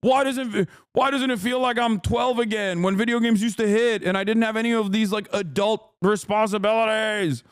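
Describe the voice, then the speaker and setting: A male streamer gives loud, profane reaction commentary with an exasperated edge. His voice sits high for a man and swings up and down as he rants. The sound is close and dry, with no room in it. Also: normal speed, few pauses, clear, resonant tone, dry recording. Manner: profane, animated and exasperated, with frequent restarts. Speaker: streamer host.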